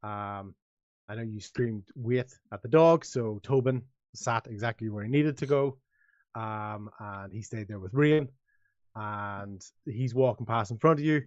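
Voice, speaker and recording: A man's voice: fairly low pitch, unhurried, a little mellow, no room sound, lo-fi sound. Rambling male game master, dry sound. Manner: rambling, full of restarts, voicing many characters. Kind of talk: narrating a tabletop game.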